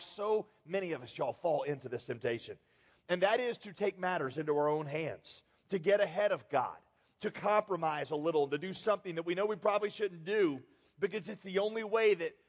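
A man preaching a sermon as pastor, talking to the congregation in a casual way, asking them questions and using many fillers. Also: sits high. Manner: conversational, asks the audience questions, frequent fillers. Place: large church hall with multiple campuses. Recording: long reverb of a large hall.

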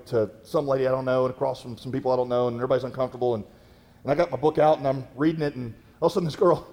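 A man preaching a sermon as a pastor, telling a story in a conversational way, halting with fillers and restarts. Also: mid-range voice, darkish tone, long reverb tail.

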